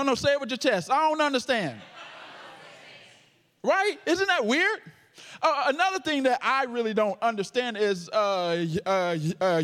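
Animated young-sounding preacher who stutters. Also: male voice, extremely high pitch. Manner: stutters, playful and joking with the congregation. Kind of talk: sermon. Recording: long hall reverb.

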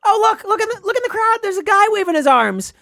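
A man voicing an excitable male parade radio announcer who rambles in hyped, shouty patter. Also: very high voice, fast talker, creaky, no echo, studio quality, pitched above the performer's own voice, exaggerated voice. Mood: excited. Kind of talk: improvised comedy bit.

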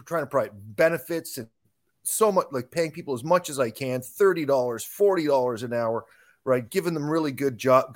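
A fairly high-pitched man, worn out from a long day, ranting hard on a podcast. He swears freely and keeps tossing in "right?" as he drives his points home. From Canada. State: tired. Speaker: podcast guest, business owner. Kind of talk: ranting political chat.

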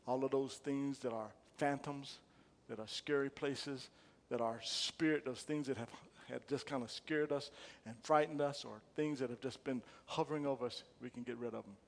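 A man's voice: medium pitch, fairly even intonation, moderate pace, creaky, hardly any pauses, in a large hall. A man preaching a sermon as pastor, repeating phrases emphatically and calling the congregation to respond. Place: church sanctuary.

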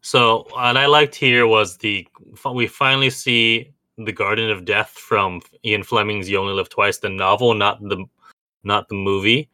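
A man co-hosting a casual podcast chat, animated and talking in quick asides, often laughing. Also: on the low side, dry recording. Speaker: podcast co-host.

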